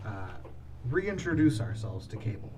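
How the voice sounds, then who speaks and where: A man's voice: fairly low pitch, sing-song, moderate pace, recorded from a distance, noisy background. A man playing in a tabletop game, making wry, joking asides. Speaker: player. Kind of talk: casual tabletop play.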